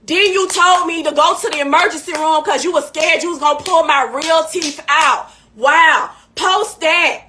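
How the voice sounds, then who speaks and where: A woman's voice: high-pitched, moderate pace, hardly any pauses, bright, forceful tone, a little hiss or hum. A woman hosting a live stream in casual chat, heated and emphatic, repeating her points. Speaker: livestream host.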